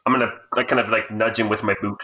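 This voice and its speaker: A man playing a tabletop game, talking in a quick, chatty, joking way. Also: on the low side, level tone, bright, forceful tone. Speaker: player. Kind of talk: casual tabletop play.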